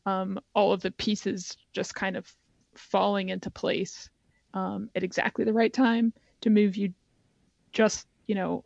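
A host speaks thoughtfully and affirms the guest, with a gravelly rasp. The voice comes over a dull, lo-fi line and sounds dry. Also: medium pitch, no echo. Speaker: podcast host. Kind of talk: interview.

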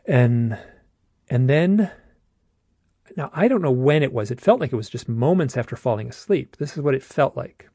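Gravelly man telling a strange story. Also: mid-range voice, animated, warm tone, no echo, clean studio sound. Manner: halting, restarts often, says "like" a lot. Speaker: guest telling his own story. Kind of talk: casual storytelling.

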